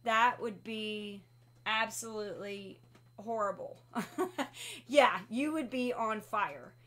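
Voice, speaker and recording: A woman hosting a casual livestream essential oils class, telling animated stories and laughing often. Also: mid-range voice, slow.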